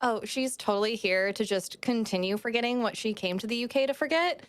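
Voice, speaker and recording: A woman's voice: a little high, fairly quick, dry recording, clean studio sound. A woman playing in a tabletop role-play, talking in a breezy, casual, chatty way. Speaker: player.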